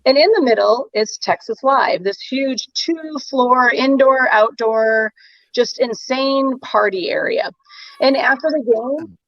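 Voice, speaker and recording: A woman guest on a casual podcast, telling stories with gusto and the odd swear. Her voice is fairly high and comes through dull and lo-fi. It sounds dry, with no room around it. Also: no room sound. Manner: enthusiastic storyteller, swears.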